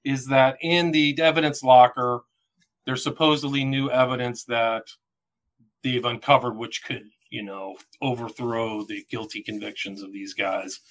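A man's voice: medium pitch, steady tone, a little slow, a bit bright. A man hosting a podcast, talking in a loose, rambling way with lots of "kind of" fillers. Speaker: podcast host. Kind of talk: casual podcast interview.

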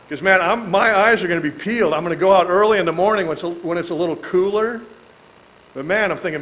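High-voiced man teaching the Bible. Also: a little fast, a little hiss or hum, rough recording. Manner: folksy and animated, with joking asides and chuckles. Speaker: pastor. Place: church.

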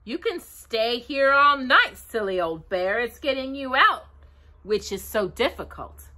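A woman's voice: fairly high pitch, animated, unhurried, bright, forceful tone, voice pushed up, heavily acted. A woman voicing a kind, reassuring young boy. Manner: loving, reassuring. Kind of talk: children's storybook reading.

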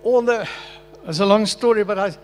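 An older man preaches a personal testimony with earnest, heartfelt emotion. His voice sits somewhat high for a man. Faint music plays softly behind him in a meeting hall. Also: moderate pace. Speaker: pastor.

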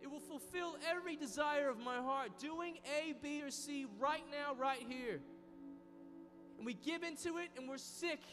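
Lively male youth preacher with a high voice; large reverberant hall. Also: normal speed. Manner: dynamic, acts out inner voices. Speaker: youth conference speaker. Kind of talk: sermon. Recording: reverberant hall with soft music.

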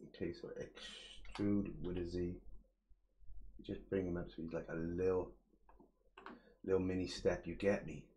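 A man's voice: deep voice, flat delivery, unhurried, pauses often, dark tone, a little hiss or hum. A young man giving a casual live-stream modelling tutorial, muttering his steps aloud, chatting with viewers in slang and swearing freely. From England.

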